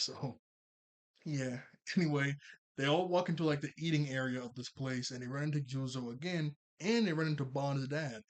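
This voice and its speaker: Chill guy rambling thru an anime recap, keeps chuckling, mid-pitch voice. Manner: rambling, laughs often, quick paraphrased quotes. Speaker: anime reviewer. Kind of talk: casual episode recap.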